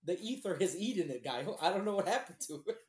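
A man in casual podcast chat, swearing a lot and laughing often as he tells animated stories. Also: sits high, fast. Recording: roomy echo.

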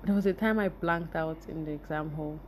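A woman's voice: sits low, fairly quick. Young woman vlogging, telling an emotional story straight to her viewers, faint background hum. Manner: emotional, animated, addresses viewers directly. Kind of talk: personal storytelling to camera.

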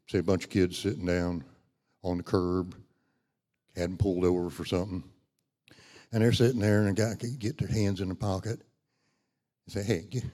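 A man's voice: deep voice, dark tone. A middle-aged man preaching a sermon, folksy and conversational, rising to emphatic when he reads scripture. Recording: long hall reverb.

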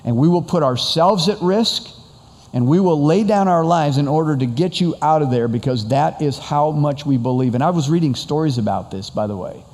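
A man's voice: a little high, animated, normal speed, darkish tone. Earnest preacher man in a reverberant hall. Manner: earnest, conversational, repeats words when emphasizing. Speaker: pastor. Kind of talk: sermon.

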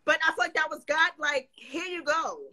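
A woman's voice: sits high, normal speed, rough recording. A woman guest in a casual interview, telling stories animatedly and acting out what others said. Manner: animated, quotes others in put-on voices.

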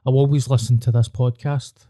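A man's voice: mid-range voice, flat delivery, moderate pace, warm tone, no echo, clean studio sound. Sweary Scottish man, casual chat. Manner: sweary, blunt, jokey. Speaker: podcast guest.

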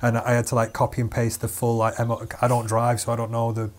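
A man's voice: mid-range voice, monotone, fast talker. A young man, co-hosting a casual chat and telling stories with plenty of fillers. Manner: storytelling, laughing, with lots of fillers. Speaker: podcast co-host.

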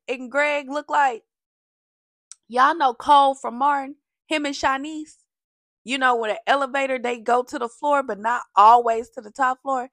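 Sassy woman chatting about a tv show, kinda high voice, dry close mic, slangy and all over the place. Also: no echo. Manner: sassy, animated, slangy, jumps between topics. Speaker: reality TV recap vlogger. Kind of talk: casual chatty TV recap.

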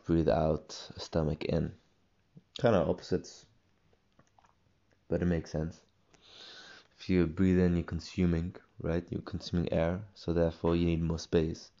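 Deep gravelly young man rambling solo. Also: warm tone, muffled recording. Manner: rambling, halting, many restarts and fillers. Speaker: podcast host. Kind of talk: solo casual podcast monologue.

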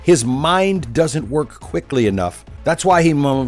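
A man's voice: fairly high pitch, animated, measured pace, hardly any pauses, soft background music. A man hosting a political commentary show, talking in a sarcastic, derisive and emphatic way.

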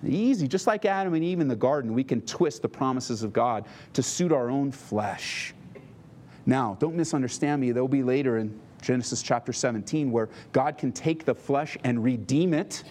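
A man's voice: mid-range voice, expressive, normal speed, darkish tone. A male pastor giving a conversational sermon, often asking the congregation questions. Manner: conversational, asks the listeners questions.

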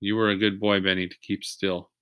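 A man reading the lines of a calm, responsible older boy in a children's story, slightly lifted and reassuring. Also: on the low side, a little fast, clear, resonant tone, no room sound, clean studio sound. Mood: steady.

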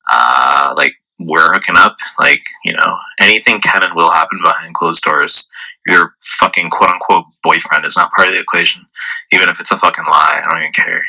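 Low, bright-voiced profane man. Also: moderate pace, husky, poor audio. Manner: profane, rambling, heavy use of filler words. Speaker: man leaving a voice message. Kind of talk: casual storytelling.

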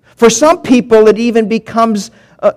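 A man preaching a sermon, reading scripture verses and explaining them to his congregation. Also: very high-pitched. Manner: animated preaching with long pauses, reading scripture aloud. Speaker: pastor.

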